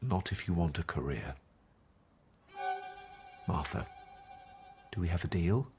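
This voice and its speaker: An actor playing a dismissive, lecturing PhD supervisor in an audio drama. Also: male voice, sits low, lively intonation, slow pace, darkish tone, soft background music.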